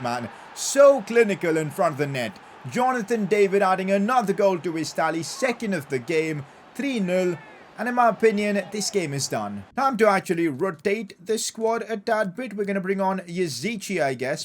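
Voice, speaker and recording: A young man commentates his football video game career as it plays, his voice sitting a little high. He swings from chatty analysis into excitable cheers whenever a goal goes in. A faint hum of noise sits behind him. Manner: excitable, bursts into loud cheers at goals. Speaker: gaming YouTuber.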